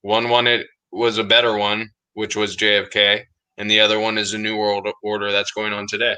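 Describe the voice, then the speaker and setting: A man's voice: lowish voice, monotone, moderate pace, pushed and bright, clean tone, poor audio. A man co-hosting a podcast in casual chat, talking emphatically and insistently and calling his friend "dude". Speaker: podcast co-host.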